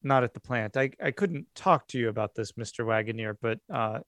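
A man voicing a curt, cool woman doctor in a tabletop game, speaking with measured, slightly awkward politeness. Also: medium pitch, fairly bright tone, dry recording, pitched below the performer's own voice, close to an everyday voice. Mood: polite. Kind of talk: tabletop role-play.

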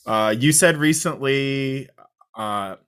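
A man co-hosting a fan podcast, asking relaxed, friendly questions in a casual interview. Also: medium pitch, slow pace, smooth. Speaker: podcast co-host.

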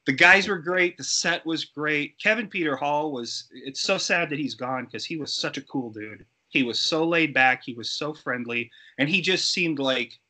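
Bright-voiced man telling set stories. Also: medium pitch. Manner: animated, acts out quoted voices. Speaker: guest actor and effects artist. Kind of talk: casual interview storytelling.

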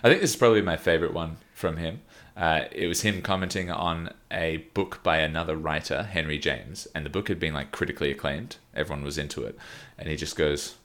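A podcast co-host with a rumbling low but fairly bright voice talks briskly with few pauses. On this casual show he reads famous quotes aloud with lifted emphasis, laughing often in between.

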